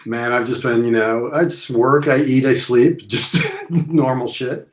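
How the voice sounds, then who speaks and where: Relaxed man in an echoey room. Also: medium pitch, unhurried. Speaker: podcast co-host. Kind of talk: casual live-stream chat.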